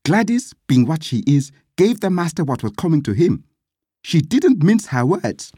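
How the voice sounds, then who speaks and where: A narrator reading a story aloud with lively, dramatic delivery. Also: mid-range voice, normal speed, husky, no echo, studio quality.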